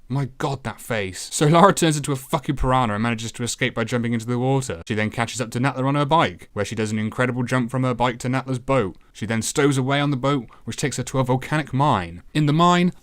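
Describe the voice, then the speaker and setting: A British man hosting a retro game review show, giving a comedic voice-over full of sarcasm and swearing. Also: mid-range voice.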